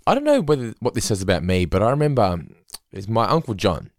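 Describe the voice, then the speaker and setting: A man's voice: on the low side, fast, no echo, clean studio sound. A man in his forties co-hosting a podcast, telling stories in a casual way with lots of laughing and swearing. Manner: laughing, swearing, animated storytelling. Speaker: podcast co-host. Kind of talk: casual chat.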